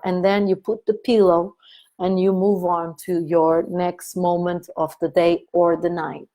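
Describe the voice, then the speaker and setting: Woman, slow unhurried delivery, gentle and repetitive, live online talk guiding an inner-child exercise. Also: fairly low pitch, flat delivery. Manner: gentle, repetitive, soothing instructions. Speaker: consciousness coach leading an online meeting. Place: online meeting.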